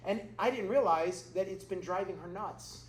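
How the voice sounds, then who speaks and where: A man's voice: high voice, moderate pace. A middle-aged man, a pastor, giving a conversational sermon with humorous personal stories to a congregation. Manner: humorous, conversational, acts out quoted voices. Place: church hall before a congregation. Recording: echoey room with faint noise.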